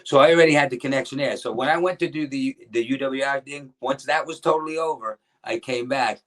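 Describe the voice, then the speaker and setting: A middle-aged man tells old stories in a relaxed interview. He rambles and restarts his sentences, slipping into the voices of people he quotes. His pitch sits in an ordinary male middle range. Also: a little fast. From New Jersey. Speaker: guest, former pro wrestler. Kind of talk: casual interview storytelling.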